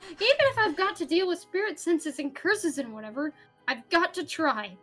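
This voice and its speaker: Stunned young man in a game, earnest and shaken, read by a woman in her own high, bright voice. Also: animated, normal speed, faint music behind. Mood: resolute. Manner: reads game text aloud, earnest and stunned. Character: shaken young man trying to stay calm.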